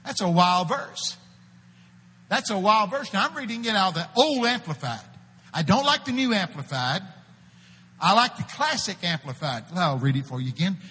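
A husky, forceful man with a drawl preaches in an animated, folksy way. His fairly high voice bursts into loud proclaiming and then sinks to a hushed murmur. The sound carries the long echo of a church hall. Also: fairly quick. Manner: animated, folksy, shouts out quoted prophecies, swings between loud and hushed. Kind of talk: sermon with storytelling.

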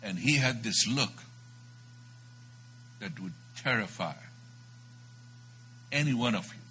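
A man tells a story in a sermon, swinging dramatically from loud bursts to hushed moments. His medium-pitched voice is expressive and slow, and the poor recording carries a little hiss or hum.

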